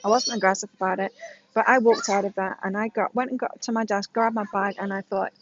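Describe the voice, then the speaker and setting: A woman in her late forties speaks candidly to camera, telling a personal story as part of an astrology reading. Her voice sits at an ordinary middle pitch, and she keeps drawing listeners in with direct questions. The recording is slightly dull and lo-fi. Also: steady tone, a little fast, background noise. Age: 40s. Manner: candid, frank, addresses viewers directly with "right?". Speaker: astrology reader.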